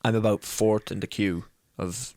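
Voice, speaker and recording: A man's voice: lowish voice, normal speed, no echo. Laughing young man telling a story. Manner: animated, laughing storyteller, swears freely. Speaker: podcast co-host. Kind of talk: casual storytelling chat.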